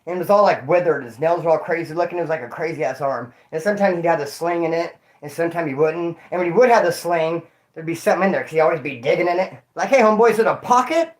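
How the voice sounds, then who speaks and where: A young man from Northern California telling a rambling, slangy, profane story on a casual livestream. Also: on the high side.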